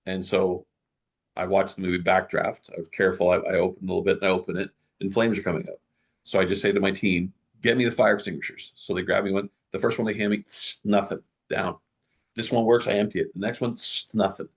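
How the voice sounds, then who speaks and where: A middle-aged man's low, husky voice with a gravelly edge. He tells his story as an interview guest, lively and animated, stumbling into quick restarts as he goes.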